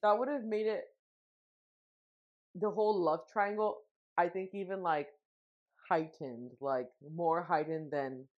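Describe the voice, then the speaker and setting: A woman's voice: on the low side, a little slow, long pauses. Rambling young woman, lo-fi sound. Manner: rambling, filler-heavy, emotional. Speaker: podcast co-host. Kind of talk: casual chat. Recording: dull lo-fi sound.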